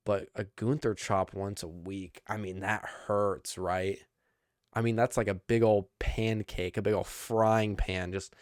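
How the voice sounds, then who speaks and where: A young man hosting a podcast, rambling and excitable as he recaps wrestling, full of fillers and restarts. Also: lowish voice, dry recording, clean studio sound. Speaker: podcast host.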